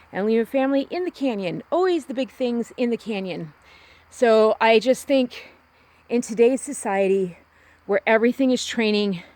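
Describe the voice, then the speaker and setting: Woman, vlogger, outdoor walk, phone mic, rambling, earnest, restarts often, mid pitch. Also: darkish tone. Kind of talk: candid personal monologue.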